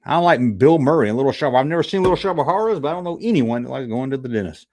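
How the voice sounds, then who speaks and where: A man's voice: mid-range voice, rapid-fire. Guy chatting on his stream, kinda sleepy, voice jumps all over. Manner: chatty, joking, animated retellings. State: sleepy, yawning. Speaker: YouTube host reading live chat. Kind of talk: casual livestream chat.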